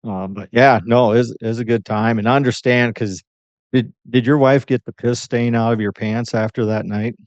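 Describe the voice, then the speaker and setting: A man's voice: mid-range voice, fairly even intonation, moderate pace, a little mellow, dry recording. A man hosting a podcast, telling stories in a laid-back, teasing way. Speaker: podcast host. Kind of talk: casual chat. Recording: dull, dry lo-fi podcast audio.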